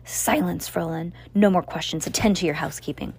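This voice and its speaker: A woman's voice: lowish voice, brisk, vocal fry, darkish tone. A woman doing a cold, cruel mad alchemist. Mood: commanding. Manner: cold, hissing, commanding. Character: cruel mad male alchemist doctor, imperious.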